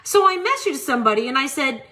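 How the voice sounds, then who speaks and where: A woman's voice: high voice, sing-song, quick pace, bright, forceful tone. Incredulous woman ranting on a live stream. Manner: incredulous, mocking, exasperated; swears freely. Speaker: live-selling show host.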